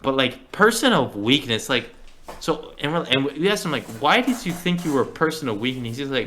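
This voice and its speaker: A man's voice: medium pitch, animated, a little fast, a bit bright, slight background noise. A young man in his early twenties, co-hosting a podcast and telling a rambling, profane story with acted-out quotes. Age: early 20s. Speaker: podcast co-host. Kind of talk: casual storytelling chat.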